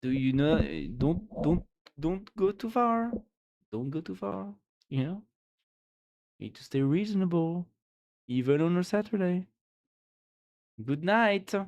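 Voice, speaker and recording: This casual late-night stream features a tired French streamer bantering playfully with viewers in French-accented English, French being their native tongue. They sound animated but unhurried, pausing often, in a darkish mid-range voice.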